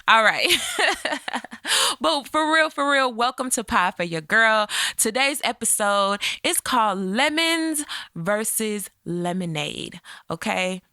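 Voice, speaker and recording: A woman's voice: a little high, lively intonation, a little slow, sharp tone, no room sound, clean studio sound. A woman hosting her own podcast, talking in a chatty pep-talk way and often checking in with her listeners. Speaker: podcast host. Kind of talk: solo podcast monologue.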